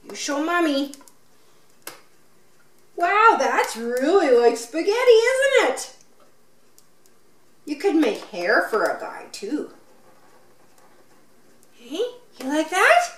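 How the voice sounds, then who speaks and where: A woman's voice: sits high, very animated, slow pace, long pauses, fairly bright tone. A woman filming herself playing with her young child, encouraging him and asking lots of questions in a sing-song way. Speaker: parent filming play with her toddler. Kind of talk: unboxing and play vlog. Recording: roomy, from mic distance.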